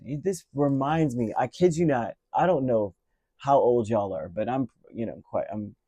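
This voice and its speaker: A man's voice: mid-range voice, normal speed, dark tone, husky, no room sound. A middle-aged man giving a casual, rambling tarot reading and telling a story along the way, with many restarts. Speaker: tarot reader.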